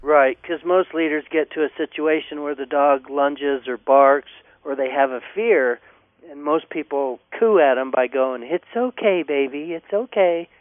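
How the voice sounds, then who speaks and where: Dog trainer guy on a phone line, kinda high voice, confident, super dry tinny sound. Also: measured pace, dry recording. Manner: confident, instructive, repeats catchphrases. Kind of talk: phone interview advice. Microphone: telephone.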